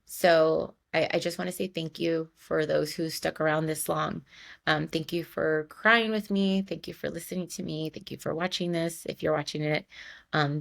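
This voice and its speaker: A woman's voice: low-pitched, gravelly. A young adult woman hosting her own podcast, talking in a heartfelt, tearful way, repeating and restarting her words. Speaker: podcast host. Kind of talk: heartfelt solo podcast monologue.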